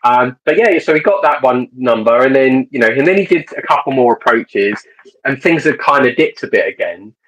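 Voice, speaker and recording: Husky man telling a story. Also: medium pitch, lively intonation, normal speed, fairly bright tone, dull audio. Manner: rambling, many restarts and fillers. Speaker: dating coach. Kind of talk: casual storytelling monologue.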